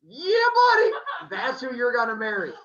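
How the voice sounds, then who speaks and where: A man's voice: very high voice, sing-song, normal speed, a bit bright, pitched above the performer's own voice, heavily acted. Zeus, smug bossy king of gods put on by a man. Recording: echoey dull room sound.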